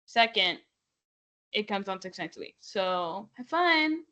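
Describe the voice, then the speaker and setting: A young woman co-hosting a podcast, recapping reality TV in casual chat, animated and full of "like" and quoted voices. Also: mid-range voice, slow pace. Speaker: podcast co-host.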